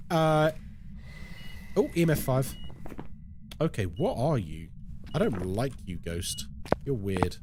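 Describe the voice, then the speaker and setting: A man's voice: mid-range voice, very animated, slow, pauses often, background noise. A man giving live commentary on a horror game as a streamer, chatting with viewers and reacting aloud to what happens. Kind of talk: live gameplay commentary and chat.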